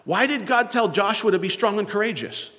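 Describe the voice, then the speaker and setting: A man preaching a sermon in a church, swinging between loud, emphatic lines and hushed ones. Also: high-pitched, animated, a little fast, long reverb tail. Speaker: pastor.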